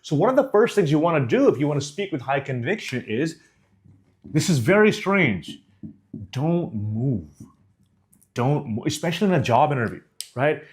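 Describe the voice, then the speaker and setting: Animated man coaching on speaking. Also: fairly high pitch, moderate pace, pauses often. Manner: animated, demonstrates tones and faces. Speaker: communication coach. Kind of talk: direct-to-camera speaking lesson.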